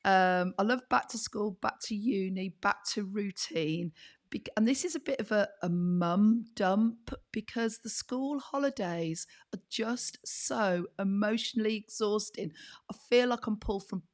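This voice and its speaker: A middle-aged woman co-hosting a podcast, chatting and laughing with a husky, fading voice. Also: medium pitch, unhurried. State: losing her voice, husky. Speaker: podcast co-host. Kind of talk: casual chat.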